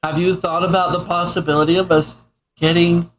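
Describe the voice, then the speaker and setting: A man's voice: high-pitched, level tone, fairly quick, a bit bright, poor audio. A man co-hosting a casual podcast, easygoing and teasing, laughing along with his partner. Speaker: podcast co-host. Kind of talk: casual chat.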